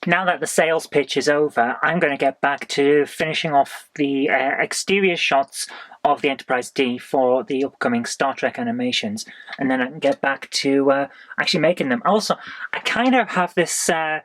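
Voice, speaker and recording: A woman's voice: extremely low pitch, normal speed. Woman vlogger, dry teasing chat, easygoing. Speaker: vlog host. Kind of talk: casual chat over a board game.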